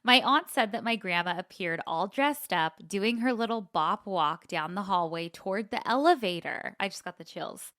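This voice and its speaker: A woman's voice: medium pitch, lively intonation, normal speed, hardly any pauses, fairly bright tone, no room sound, studio quality. A woman co-hosting a casual podcast, reading a listener's email aloud and laughing easily. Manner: laughs easily, gets choked up. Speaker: podcast co-host.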